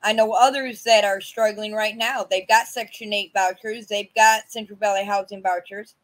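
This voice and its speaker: A woman testifying about her own past on a virtual panel, speaking haltingly with many fillers and restarts over a video call. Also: medium pitch, fairly even intonation, poor audio. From California. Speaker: community advocate sharing her story.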